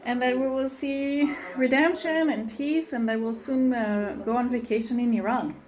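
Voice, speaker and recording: A middle-aged woman talks into her phone camera on a walk outdoors, out of breath, chatty and laughing. Her voice sits a little high, and a faint hiss runs under it. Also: steady tone, normal speed, a little mellow, poor audio. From immigrant to Israel. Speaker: resident showing her shelter route. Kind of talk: handheld video walk-through. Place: outdoors, then in a bomb shelter.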